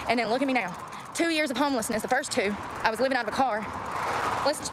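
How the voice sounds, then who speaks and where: Young woman ranting outside, cussing, kinda high voice, traffic going by loud. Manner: ranting, blunt and profane. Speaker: vlogger. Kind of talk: venting to the camera. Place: outdoors by a road. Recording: clear outdoor traffic noise.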